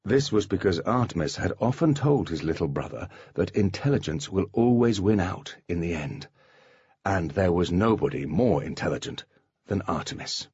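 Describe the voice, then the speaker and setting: Expressive, husky male audiobook narrator. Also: sits low, normal speed, no room sound, lo-fi sound. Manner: expressive storytelling. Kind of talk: scripted narration.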